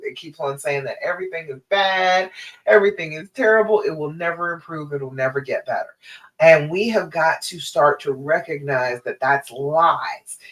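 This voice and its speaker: A woman's voice: lowish voice, rough recording. A woman, giving a love coach's live-stream talk in an encouraging, emphatic way that speaks straight to the listener. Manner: encouraging, emphatic, direct address.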